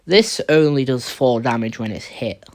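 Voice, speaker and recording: A man's voice: medium pitch, moderate pace. A man giving casual tier list commentary on a card game, rambling and blunt, often stumbling and restarting his words. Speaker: card game video creator.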